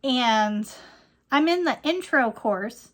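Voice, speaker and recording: A woman's voice: fairly high pitch, expressive, slow. A woman in her thirties ranting casually to camera, rambling and laughing often as she talks. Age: 30s. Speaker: vlogger.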